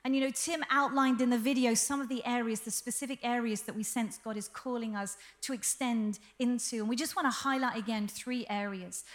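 A woman delivers a sermon as senior pastor with a high voice. She preaches earnestly and with energy, and she slips in light jokes. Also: fairly quick, hardly any pauses. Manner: lively, humorous, earnest preaching.

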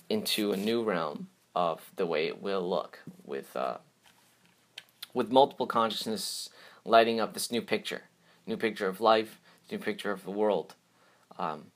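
Closing out his podcast alone, a host chats in a relaxed, cheerful, meandering way, full of fillers and false starts. His voice is fairly low and fairly bright.

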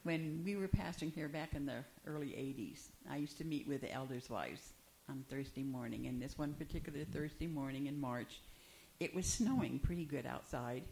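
Older woman, very low voice, wry storytelling, faint hiss. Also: normal speed, creaky, darkish tone. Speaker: panel guest, former pastor's wife. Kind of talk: personal storytelling. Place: church.

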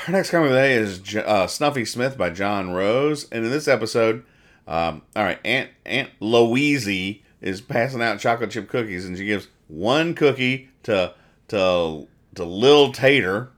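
A man's voice: lowish voice, expressive, unhurried. A man hosting a podcast, casually explaining comic strips in a rambling, self-deprecating way. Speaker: podcast host.

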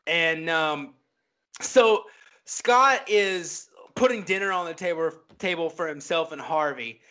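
Bright high-voiced man chatting about films. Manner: enthusiastic, recounts scenes in detail. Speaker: podcast co-host. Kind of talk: casual film discussion.

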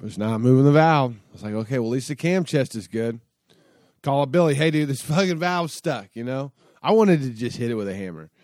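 A man's voice: medium pitch, animated, a little fast, darkish tone, no room sound, studio quality. A man telling a long casual story in a rambling, profane way, full of fillers and restarts. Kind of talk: casual spoken anecdote.

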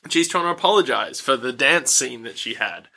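Bright-voiced man, laid-back. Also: medium pitch, expressive, brisk. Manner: laid-back, sarcastic, swearing, acts out lines. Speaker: podcast co-host. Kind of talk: casual chat recapping a film.

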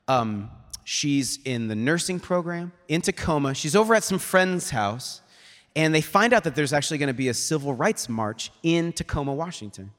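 A man's voice: medium pitch, a bit bright. A man giving a casual, conversational sermon as a guest preacher, retelling a story with lots of "like" and "she's like". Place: church sanctuary. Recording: long reverb of a large hall.

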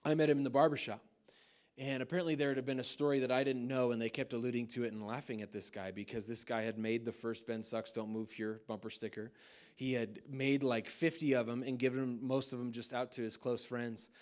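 Animated male pastor preaching at a service. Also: mid-range voice, fairly quick. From United States. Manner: lively humorous storytelling with loose fillers. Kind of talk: sermon. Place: church service.

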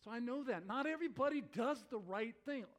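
A man preaching a sermon to his congregation, telling stories in an animated way with exclamations that rise. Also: very high voice, brisk. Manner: animated storytelling with rising exclamations. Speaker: pastor.

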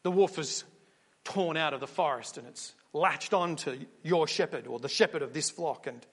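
A high-voiced male preacher delivers a sermon in a relaxed, storytelling manner. He keeps turning to the listeners with rhetorical questions. His voice rings on in a long hall reverb. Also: normal speed, husky.

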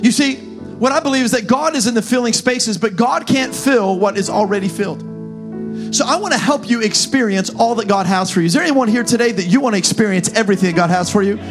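A man preaching a sermon as pastor, talking the crowd through points and rising into fervent, shouted calls. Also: high-pitched, fast, music in the background.

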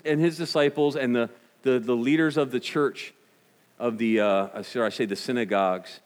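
A male pastor delivers a casual, conversational sermon, turning often to the congregation with questions. His voice sits at an ordinary middle pitch. A long reverb from the hall trails after his words. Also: moderate pace.

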